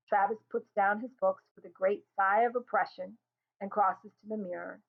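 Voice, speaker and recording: A woman reading a stage play aloud, giving the stage directions in an even, matter-of-fact way. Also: medium pitch, normal speed, vocal fry. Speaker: reader. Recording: tinny phone-like sound.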